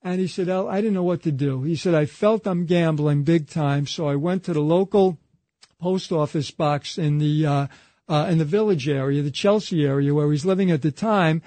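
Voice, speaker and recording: A man with a high-pitched voice spins a long anecdote in an interview, passing it along through a string of quoted exchanges. His voice sounds dry and close, with no room around it. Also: normal speed, dark tone, no room sound. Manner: retells a story through a chain of quoted dialogue, repeating "he said". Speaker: interview guest. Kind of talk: conversational storytelling anecdote.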